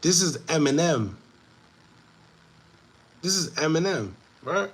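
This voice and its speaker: A man hosting an online commentary show, talking casually to viewers in a repetitive, animated way with laughing asides. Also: on the high side, slow pace, slightly rough. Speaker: show host.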